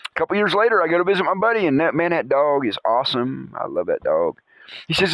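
A man's voice: on the high side, big pitch swings, quick pace, no echo. A man hosting a podcast, telling rambling animal anecdotes in a casual way and chuckling often. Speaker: podcast host.

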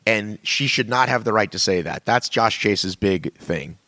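A man co-hosts a weekly podcast in loose, casual chat. His pitch swings up and down constantly as he rambles, stops and restarts his thoughts. The sound is dry and close, with no room in it. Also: measured pace, hardly any pauses, dry recording. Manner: animated, rambling with many restarts. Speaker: podcast co-host.

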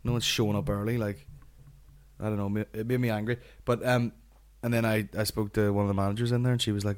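A man's voice: lowish voice, little pitch movement, fast talker, smooth. A man with a Northern Irish accent hosting a comedy podcast, rambling and swearing as he rants. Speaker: podcast host.

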